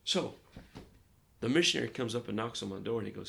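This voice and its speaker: Gravelly-voiced pastor telling stories. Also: male voice, on the low side, quick pace, slight background noise. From Arkansas, United States. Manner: lively storyteller who acts out dialogue. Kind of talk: casual interview storytelling.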